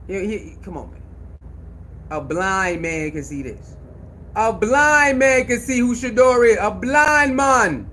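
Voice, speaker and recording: A man giving an animated sports rant, loud and laughing, with heavy slang and repetition. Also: high voice, slow, slight background noise. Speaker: sports commentator.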